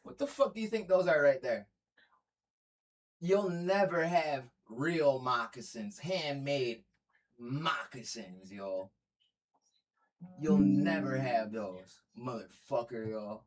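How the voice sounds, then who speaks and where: Speaking slowly with lively intonation in a medium-pitched voice, an Indigenous North American man hosts a casual live stream. He laughs often and trash-talks in a brash, profane style, recorded on his home streaming mic.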